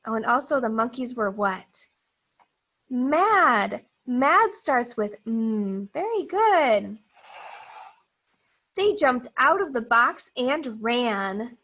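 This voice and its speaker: With a high, gentle, sing-song voice, a teacher reads a picture book to young kids for a phonics read-aloud. She slows down, exaggerates every sound to model it clearly, and encourages the children to echo her, all captured in lo-fi sound.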